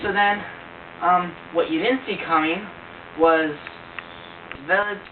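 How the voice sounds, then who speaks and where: A man's voice: sits high, steady tone, slow pace. A young man jokingly retelling a movie plot at home, rambling and laughing at his own jokes. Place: living room at home. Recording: tinny, distant, noisy home video.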